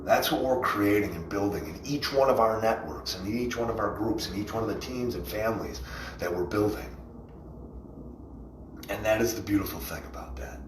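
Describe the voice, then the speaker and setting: A man with a lowish voice hosts a casual motivational livestream, giving a rambling, enthusiastic pep talk about rallies and frequently breaking into laughter. He's a rally organizer, recorded far from the mic in an echoey room with a little hiss or hum.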